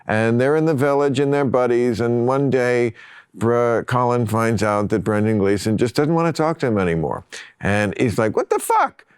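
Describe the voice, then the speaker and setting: A middle-aged man hosting a podcast, chatting casually and telling stories with animated swings and frequent laughs. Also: medium pitch, normal speed, clear, resonant tone, no echo, studio quality. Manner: animated storytelling, laughs often. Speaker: podcast host. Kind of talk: casual chat.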